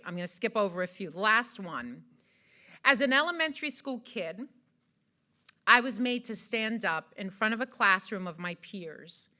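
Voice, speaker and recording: Animated woman speaker from Jamaica. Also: mid-range voice. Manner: earnest, rhetorical questions, animated. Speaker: event speaker. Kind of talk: motivational speech to an audience. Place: event hall.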